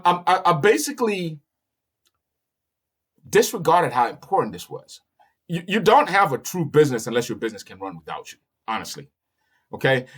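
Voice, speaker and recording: Animated salesy man demoing software. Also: fairly high pitch. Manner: animated, salesy, frequent "okay?" check-ins; restarts and repeats words often. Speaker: broker trainer and business owner. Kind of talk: screen-share software walkthrough.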